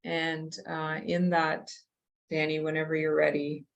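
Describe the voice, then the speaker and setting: A woman with a lowish voice hosts a casual group call. Her manner is relaxed and chatty. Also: measured pace, creaky.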